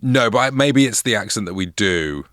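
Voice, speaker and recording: A man with a Lancashire accent co-hosts a comedy podcast, answering with wry, deadpan quips. His low voice has a bright, forceful edge and sounds close and dry on the mic. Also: moderate pace, no room sound. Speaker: podcast co-host. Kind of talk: casual comedic chat.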